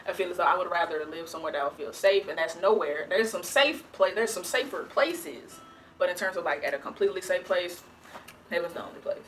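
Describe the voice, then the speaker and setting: A woman's voice: on the low side, animated, brisk, fairly bright tone, a little hiss or hum. A young woman from the American South answering viewer questions in a chatty, rambling vlog, full of restarts and "like". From Southern United States. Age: young adult. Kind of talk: casual Q&A vlog.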